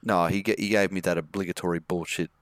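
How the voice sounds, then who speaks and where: A man's voice: low-pitched, fairly even intonation, fast, dry recording. A man co-hosting a casual podcast, reading out tweets and swearing freely. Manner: swearing, joking, playful put-on accents. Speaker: podcast co-host.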